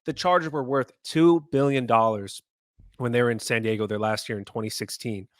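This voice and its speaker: A man's voice: medium pitch, fairly even intonation, brisk, dry recording, clean studio sound. A man from Southern California, co-hosting a sports podcast with passionate, ranting talk. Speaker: podcast co-host. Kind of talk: casual podcast chat.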